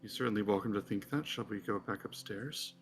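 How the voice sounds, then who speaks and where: A man voicing a regal, composed queen who speaks in a slow, formal, quietly superior way. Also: fairly low pitch, vocal fry, soft background music, pitched below the performer's own voice. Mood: cool, regal. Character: regal composed queen, woman, cool and measured.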